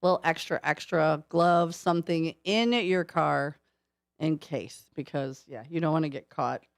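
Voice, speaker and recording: Female morning radio co-host, quick quips between chuckles, dry close studio sound. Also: sits low, no room sound. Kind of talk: casual morning radio banter.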